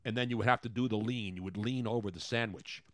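Older man, radio host, gruff storytelling, dry studio sound. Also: fairly low pitch, steady tone, fast, dry recording. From Philadelphia. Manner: gruff, storytelling, drops to a mumble. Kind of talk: casual studio banter.

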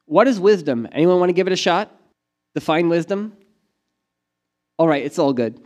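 A man's voice: fairly high pitch, moderate pace. A male pastor preaching a sermon in a casual, humorous way, acting out the voices of doubting listeners. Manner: lively, animated preaching with acted-out voices of doubters.

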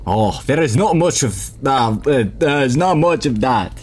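A man's voice: high voice, very animated, normal speed, breathy edge, pitched above the performer's own voice, heavily acted. A man doing a rotund mayor with a shaky French accent. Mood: wary. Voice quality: wobbly French-ish accent drifting toward Russian. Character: rotund waxed-mustache male town mayor.

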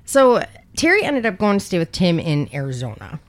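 A woman's voice: on the low side, sing-song, moderate pace. A woman co-hosting a podcast, telling a true-crime story in casual chat, wry and profane. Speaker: podcast co-host; emergency dispatch worker.

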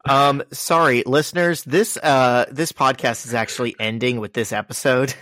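A man's voice: mid-range voice, steady tone, normal speed, pushed and bright, no room sound, studio quality. A man co-hosting a podcast in casual chat, wry and joking in a laid-back way. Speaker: podcast co-host.

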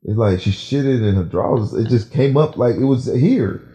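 A man hosting a podcast, telling a profane story in an animated, casual way. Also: mid-range voice, normal speed, dull audio. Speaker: podcast host.

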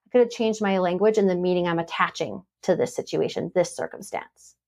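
A woman on a podcast, coaching and telling a story with lively quoted voices. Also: on the low side, a little fast, creaky. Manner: animated storytelling, acts out quoted dialogue. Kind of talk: casual podcast conversation.

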